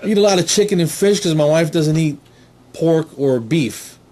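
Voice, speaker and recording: Animated man doing a stand-up set. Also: fairly high pitch, moderate pace, a crowd in the background. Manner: animated storytelling with put-on character voices. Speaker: stand-up comedian.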